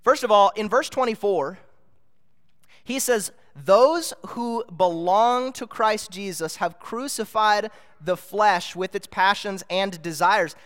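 A man's voice: high voice, slow, a bit bright. A man preaching a sermon, earnest and explanatory, building to emphatic peaks. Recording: long hall reverb.

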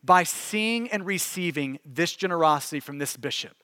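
A man's voice: a little high, normal speed, bright, forceful tone, smooth, no room sound, big-room sound. A male pastor preaching a sermon, telling a story earnestly and building to solemn appeals. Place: church sanctuary.

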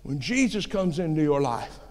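A man preaching in a church with a fervent, surging delivery that swells into shouts. His voice sits high for a man. The sound carries a long reverberant tail from the hall. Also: sing-song, normal speed. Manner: impassioned, rising to shouts. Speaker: pastor. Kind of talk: sermon.

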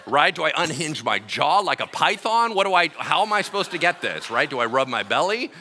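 A middle-aged male pastor telling a personal story in a sermon, animated, acting out quotes with shouts and laughter. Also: a little high, a little fast, slight background noise.

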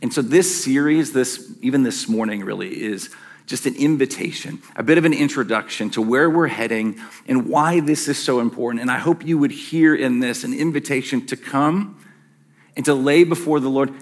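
In a church sanctuary, a middle-aged pastor with a medium-pitched voice preaches at a moderate pace. His sermon is casual and self-deprecating, full of fillers and asides.

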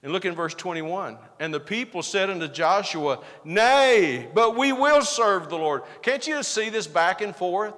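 A man's voice: high-pitched, lively intonation, normal speed, few pauses, a bit bright, in a large hall. A man preaching a sermon as pastor, building to emphatic bursts and acting out the back-and-forth quotes of the passage.

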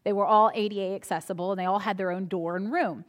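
A woman's voice: mid-range voice, steady tone, fast. A woman pastor preaching a sermon in a conversational style, telling humorous personal stories.

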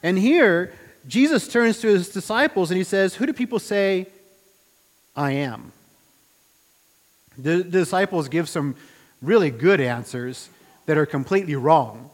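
Man, preacher, sermon, conversational, rhetorical questions, echoing hall. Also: on the high side. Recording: reverberant hall.

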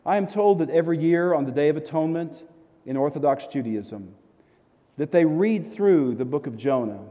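A pastor preaching a sermon, telling a story with animated, emphatic repetitions. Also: male voice, on the high side, moderate pace, highs cut off. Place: church sanctuary in a desert city. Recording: long reverb of a large hall.

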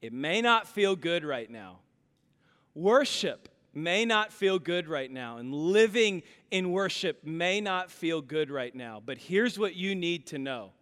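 A man in his thirties preaches in a big hall with a long echo, and his voice rings high and bright. He tells family stories with lively, acted-out lines. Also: slow pace, clean tone. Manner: animated storytelling, acts out dialogue. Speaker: pastor. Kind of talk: sermon with personal stories.

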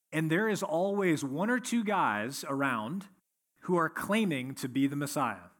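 Husky-voiced man preaching a sermon. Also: on the high side. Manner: expository preaching, reading scripture then explaining. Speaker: pastor.

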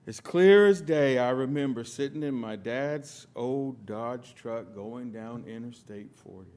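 A middle-aged man from the United States preaching a sermon, telling stories with sudden loud emphatic bursts and quiet asides. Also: medium pitch, unhurried. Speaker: pastor.

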